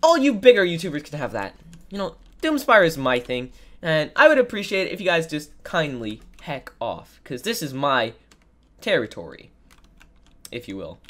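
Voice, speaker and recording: A woman's voice: sits low, big pitch swings, normal speed. Nasal, congested woman doing game commentary. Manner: sarcastic, exclaiming, dramatic mock complaints. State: sick, congested. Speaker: gaming video creator. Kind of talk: gameplay commentary.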